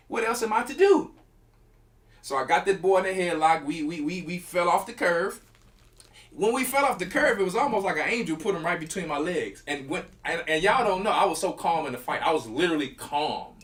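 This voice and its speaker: A middle-aged man, telling a story in casual talk and acting out the quotes and punches. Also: fairly high pitch. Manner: animated, acts out quotes and punches with sound effects. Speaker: church elder.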